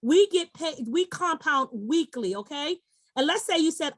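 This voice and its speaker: Woman, middle-aged, high voice, dry close sound, enthusiastic sales presenter, persuasive. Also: expressive, normal speed, fairly bright tone, no room sound. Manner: enthusiastic, persuasive, speaks directly to the audience.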